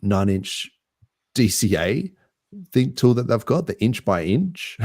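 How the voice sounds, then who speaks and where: A man with an Australian accent co-hosting a casual podcast chat, relaxed and rambling with easy laughs. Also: on the low side, takes it slowly, dry recording, clean studio sound. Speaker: podcast co-host.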